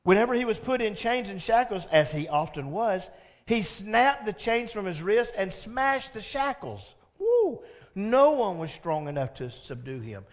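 A pastor preaching a sermon, telling the story with animated energy, asking the congregation questions and laughing along. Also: male voice, high-pitched, measured pace.

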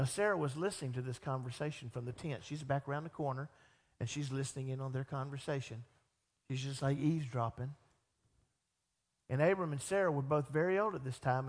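A middle-aged man preaching a sermon as pastor, animated and acting out the voices of people he quotes. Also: fairly high pitch. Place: church sanctuary. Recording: long church reverb.

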